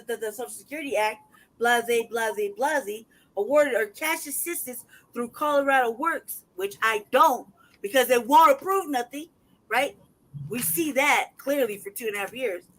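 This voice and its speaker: A man's voice: very high-pitched, normal speed, fairly bright tone, poor audio. A man hosting a casual livestream who talks in a heated, profane way and reads paperwork aloud in a mocking tone. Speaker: livestream host.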